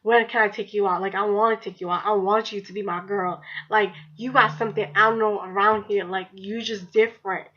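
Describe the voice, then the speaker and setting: A woman's voice: mid-range voice, steady tone, fairly quick, few pauses, a bit bright, highs cut off, natural voice. A woman quoting a persistent young man who keeps asking her out, repeating his pleas. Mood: coaxing. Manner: pleading, repetitive.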